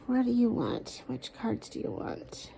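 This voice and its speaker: A woman doing a casual tarot reading, talking aloud to a spirit, with sighs, pauses and soft asides. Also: fairly high pitch, gravelly, slight background noise. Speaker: tarot card reader.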